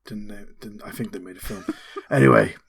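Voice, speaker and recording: A man's voice: fairly low pitch, fairly even intonation, fairly quick, vocal fry. A man playing a tabletop role-playing game, speaking in character in a rambling, jokey way. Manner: rambling, jokey, stumbles into laughter. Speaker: player.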